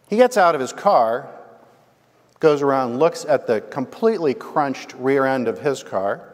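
A man preaching a sermon as the pastor, telling a story and asking the congregation "right?". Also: fairly high pitch. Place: church. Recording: long hall reverb.

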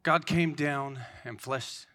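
Bright-voiced earnest man preaching. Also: medium pitch, steady tone, takes it slowly, faint music behind. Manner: earnest, rambling, with restarts. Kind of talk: informal sermon.

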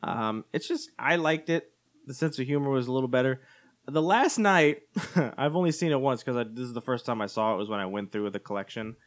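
A man co-hosting a casual chat, talking in an animated, jokey way and slipping into goofy impressions. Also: mid-range voice, fairly quick. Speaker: podcast co-host.

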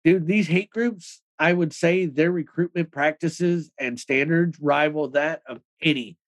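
Man, interview guest, casual storytelling, rapid loose talk, filler "like", swearing. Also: fairly high pitch, low-quality recording. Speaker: interview guest, former extremist.

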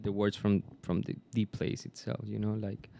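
A man whose first language is Spanish, chatting casually in English and often pausing to search for words. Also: fairly low pitch, little pitch movement, gravelly, dark tone. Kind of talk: casual chat.

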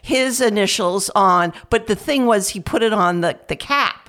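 A woman's voice: mid-range voice, normal speed. A woman, co-hosting a casual podcast and telling teasing stories. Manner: lively teasing storyteller. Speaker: podcast co-host. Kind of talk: casual chat.

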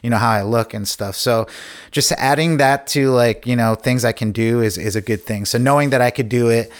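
A man's voice: medium pitch, fairly quick. Rambling young man, filler-heavy chat. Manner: rambling, heavy with "like" and "you know". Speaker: actor guest. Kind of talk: casual podcast chat.

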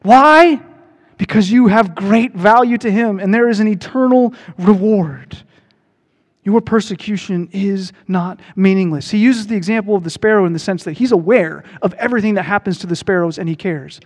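A high-pitched man delivers a lively sermon as a pastor, rising to loud, ringing proclamations and dropping to quiet, earnest tones. His voice carries a long reverb from the church hall around him. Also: brisk.

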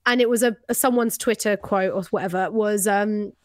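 A woman's voice: medium pitch, fairly even intonation, moderate pace, dry recording. A woman in her late twenties co-hosting a podcast, chatting in a giggly way and acting out voices in her stories. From London. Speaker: podcast co-host. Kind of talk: casual podcast chat. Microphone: remote recording, close mic.

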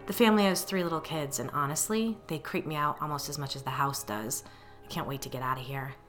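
A woman's voice: low-pitched, quick pace, fairly bright tone, soft background music. A woman voicing an experienced female psychic with a dry, dismissive manner, in a storybook reading. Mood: wry. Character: wry seasoned woman medium.

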